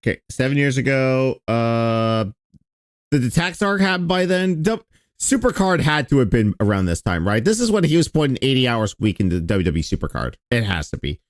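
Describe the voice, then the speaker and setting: A man's voice: medium pitch, sing-song, fairly quick, no room sound, studio quality. A man streaming, reacting to an old video in a casual, sarcastic and profane way.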